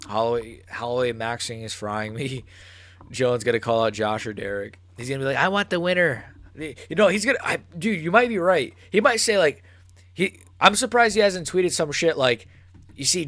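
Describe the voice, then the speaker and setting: Excitable young man ranting about fights. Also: mid-range voice, no echo. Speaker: MMA channel host. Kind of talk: live fight reaction stream.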